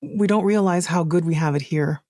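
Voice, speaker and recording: A woman's voice: fairly low pitch, normal speed, dark tone, no room sound, clean studio sound. A woman hosting a podcast interview, asking curious questions and affirming her guest. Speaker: podcast host.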